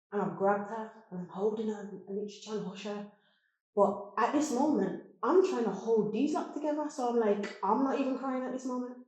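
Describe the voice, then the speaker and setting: A woman shares a personal story on a podcast. She is animated and laughs often as she talks. Her voice is mellow and dark, and it rings in a very echoey room. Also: on the high side. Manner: animated, laughing while telling stories. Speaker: podcast guest.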